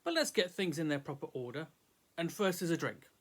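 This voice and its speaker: A man reading a terse gruff adventurer. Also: on the high side, very animated, brisk, a bit bright. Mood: matter-of-fact. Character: laconic, gruff male adventurer.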